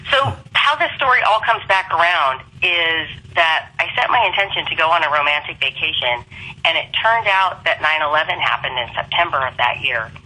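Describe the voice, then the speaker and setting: Woman chatting on a podcast, super bright sharp tone but kinda husky, animated storyteller. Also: sits low, normal speed, poor audio. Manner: animated, acts out quoted voices. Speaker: podcast guest. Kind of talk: casual storytelling.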